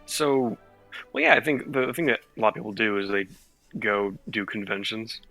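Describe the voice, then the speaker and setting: A man's voice: fairly low pitch, moderate pace, vocal fry, pushed and bright, faint music behind, poor audio. A man co-hosting a casual gaming podcast, reacting with short interjections and dry humor. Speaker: podcast co-host.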